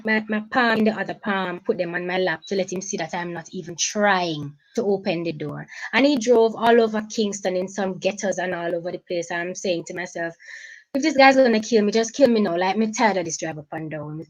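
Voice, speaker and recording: A woman with a Jamaican accent, a guest giving an emotional personal account in halting speech, often repeating and restarting her phrases. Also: fairly low pitch, low-quality recording.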